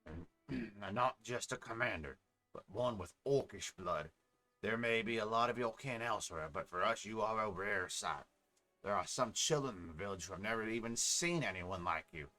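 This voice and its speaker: A man reading a deep-voiced village fisherman. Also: lively intonation, normal speed, bright, forceful tone. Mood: warm. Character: friendly male village fisherman, middle-aged.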